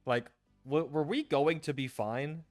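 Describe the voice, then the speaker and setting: A man's voice: a little high, unhurried, no room sound, faint music behind. A man co-hosting a gaming podcast in casual chat, rambling and hedging with the odd swear.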